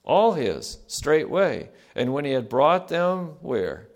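A middle-aged man preaching a sermon in an earnest, emphatic way, repeating key phrases, asking the congregation to fill in words, and swinging between loud and soft. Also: on the high side, sing-song, slow pace. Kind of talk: sermon with call-and-response.

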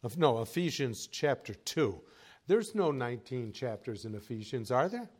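A man preaching a sermon as pastor, telling folksy stories with chuckles and moving from quiet asides to raised exhortation. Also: mid-range voice, very animated, normal speed, breathy edge.

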